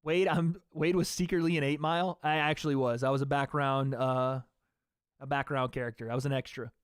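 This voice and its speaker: A man's voice: mid-range voice, fairly even intonation, brisk, clean tone, no echo, clean studio sound. A young man hosting a fight watch party stream, giving casual live commentary in a loose, slangy way and talking back to his chat.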